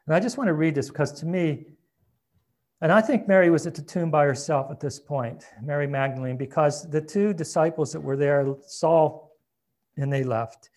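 A man preaching a sermon in a conversational way, reading scripture aloud and dropping to a soft, hushed voice at tender moments. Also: on the high side, moderate pace. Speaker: pastor.

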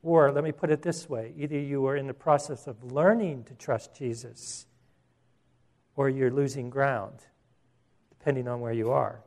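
A man preaching a sermon as pastor, earnest, restarting phrases and slowing down for emphasis. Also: medium pitch, fairly even intonation, a little mellow.

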